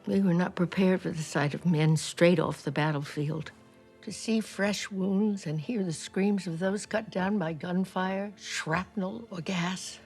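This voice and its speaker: An actress playing an elderly woman who served as a nurse in a great war, recalling it softly and reflectively, sometimes dropping to a whisper. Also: lowish voice, steady tone, measured pace, husky, soft background music. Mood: moved. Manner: soft, reflective, drops to a whisper at times. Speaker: former wartime nurse recalling her past. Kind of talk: first-person docudrama narration.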